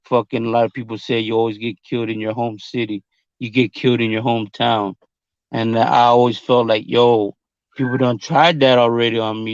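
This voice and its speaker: A man's voice: mid-range voice, no echo. Blunt, profane man, muffled lo-fi recording. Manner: blunt, profane, repeats himself. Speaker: rapper and guest. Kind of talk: casual storytelling chat.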